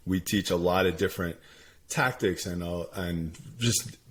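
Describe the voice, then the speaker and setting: A man's voice: sits low, a little slow, slight background noise. A man co-hosting a casual podcast, agreeable, laughing along and chiming in. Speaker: podcast co-host, instructor.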